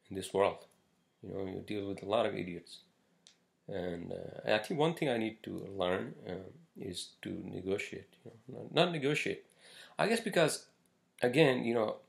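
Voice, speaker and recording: This podcast host has a lowish voice with vocal fry. Alone on his casual show, he rants bluntly, swearing a lot and rambling with plenty of filler words.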